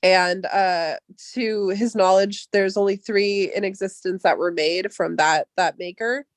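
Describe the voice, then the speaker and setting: A woman's voice: medium pitch, steady tone, unhurried, no room sound. A woman hosting a livestream, chatting casually on a group voice call in a rambling way with lots of fillers. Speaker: livestream host. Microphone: online voice call.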